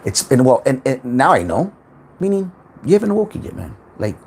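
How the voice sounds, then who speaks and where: A man talks through a casual livestream monologue with a lively, swooping voice, starting and restarting his sentences. His pitch sits in an ordinary middle register. He tosses in swear words along the way. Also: fairly quick, gravelly, slight background noise. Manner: rambling, repeats words, swears freely, animated. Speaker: spiritual self-help livestream host.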